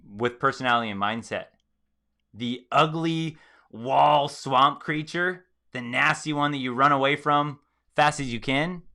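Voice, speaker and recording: Male host, clear forward tone, mid pitch, emphatic live commentary. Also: bright, forceful tone. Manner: emphatic, acts out quoted reactions.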